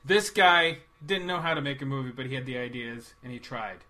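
A man co-hosting a casual movie review chat, animated and rambling, quick to joke. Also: mid-range voice. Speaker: podcast co-host.

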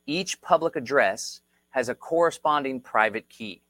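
A man's voice: mid-range voice, lively intonation, unhurried, pushed and bright. An emphatic man hosting a livestream, with a mid-range voice on a close mic. He repeats his points and keeps checking in with the listener. The sound is dry, with no room echo. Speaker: livestream host. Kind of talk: explanatory livestream talk.

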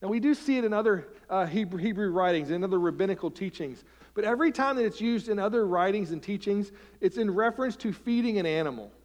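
Preaching quickly in a high-pitched voice, a male pastor delivers an animated sermon in the sanctuary, moving from loud emphasis to hushed asides and throwing out rhetorical questions.

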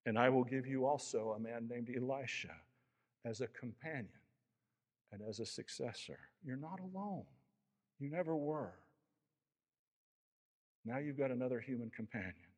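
A man's voice: mid-range voice, animated, moderate pace, pauses often, in a large hall. A man preaching a sermon as pastor, with an impassioned, rising and falling delivery. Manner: impassioned preaching, voicing Elijah's lament.

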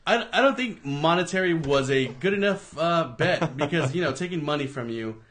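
Crude teasing podcast co-host. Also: male voice, on the high side, lively intonation, normal speed, a bit bright. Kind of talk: casual chat.

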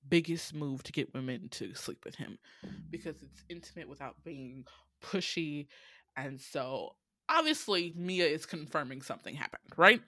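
A woman giving a casual movie recap, animated and profane, laughing often. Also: sits low, dry recording.

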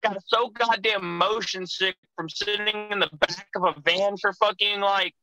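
A man's voice: high-pitched, steady tone, normal speed, bright, forceful tone, no room sound, rough recording. A young man, a pro wrestler guest, telling rambling road stories in casual chat, swearing constantly. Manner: profane, rambling storyteller.

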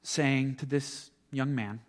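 A man's voice: mid-range voice, fairly even intonation, slow pace. A young man, a student, giving an earnest, reflective personal testimony and often stumbling over his words. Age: young adult. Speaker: student speaker sharing faith. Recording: long reverb of a hall.

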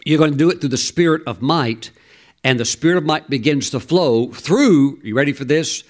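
A man delivers a sermon in a voice pitched a little high for a man. He reads scripture, then explains it with lively asides, briefly acting out how the people would have reacted. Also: moderate pace. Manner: animated, acts out voices of listeners in lively asides. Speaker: preacher.

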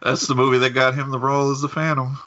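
A man's voice: medium pitch, little pitch movement, quick pace, sharp tone, lo-fi sound. A man co-hosting a podcast, making wry, teasing remarks. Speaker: podcast co-host. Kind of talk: casual chat.

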